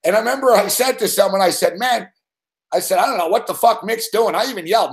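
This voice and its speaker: Youngish guy with a high voice hosting a betting show, swears nonstop, rambles, laughs at his own story. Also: fast talker. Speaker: sports betting show host. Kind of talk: profane storytelling on a live show.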